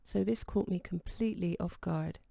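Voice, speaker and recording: A woman narrates an audiobook in a calm, measured voice that sits low and mellow, with a gravelly texture. The sound is close and dry, with no room around it. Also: dry recording. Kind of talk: scripted narration.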